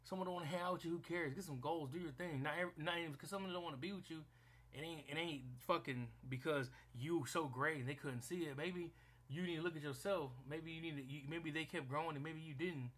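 A man's voice: on the high side, quick pace, fairly bright tone. A young man in a casual rant, blunt and profane, who often repeats himself and restarts his sentences.

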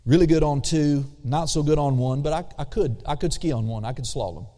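With a warm tone on the high side, a man preaches as pastor in a sanctuary. He stretches key words slowly and prompts the congregation to respond. The recording has a long church reverb.

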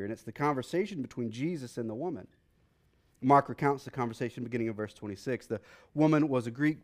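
Here a pastor's mid-range voice carries an energetic travel anecdote from his own life, complete with acted-out characters. He later shifts to more composed Bible instruction.

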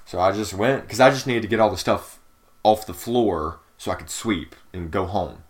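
A young man with a slightly low voice tells a story in relaxed podcast chat. He rambles and backtracks, filling gaps with "like" and "anyway". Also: brisk. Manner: rambling storyteller, many fillers. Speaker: podcast co-host. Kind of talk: casual chat.

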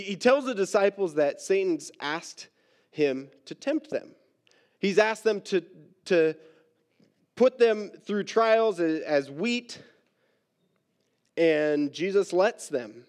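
High-voiced man preaching a casual sermon. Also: darkish tone. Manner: casual and self-deprecating, acts out Bible characters with quick asides. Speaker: pastor. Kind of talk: conversational sermon.

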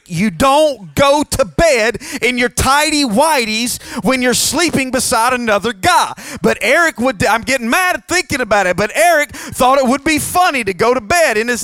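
Preacher guy, really high voice, dry close sound, cracking jokes and asking the crowd for an amen. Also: a bit bright, dry recording. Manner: humorous storytelling, calls on the congregation. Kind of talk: sermon.

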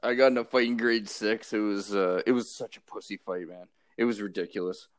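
A man's voice: fairly low pitch, steady tone, fairly quick, no room sound, studio quality. A young man in casual chat, laid-back and slangy, calling people bro and dude.

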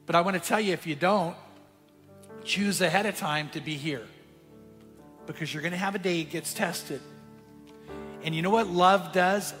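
A man preaching in a large church hall, his fairly high, bright voice carrying a long reverb. He tells a story, dropping to a hush and then rising to emphatic points, with soft music underneath. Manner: storytelling, shifting from hushed to emphatic. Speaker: pastor. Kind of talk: sermon.

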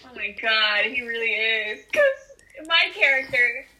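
A woman's voice: a little high, sing-song, takes it slowly, bright, forceful tone. A woman co-hosting a casual podcast chat, playful and full of exclamations. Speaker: podcast co-host.

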